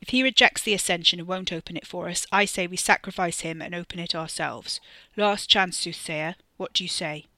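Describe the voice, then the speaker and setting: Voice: medium pitch, a little fast, hardly any pauses, pushed and bright, dry recording. A narrator voicing a brutal cult foreman, a grown man who snarls threats in an audiobook story. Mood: threatening. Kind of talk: audiobook character reading.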